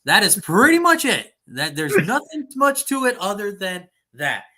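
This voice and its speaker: Male co-host, joking sports picks, very lively pitch. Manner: animated, swears, quick jokes. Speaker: podcast co-host. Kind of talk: casual sports chat.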